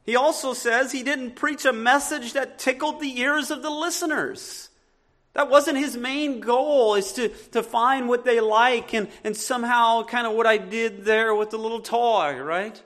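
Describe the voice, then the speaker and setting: Southern pastor guy preaching slow, bright ringing voice, earnest, restarts a lot. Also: very high-pitched. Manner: earnest, emphatic, with frequent restarts. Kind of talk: sermon.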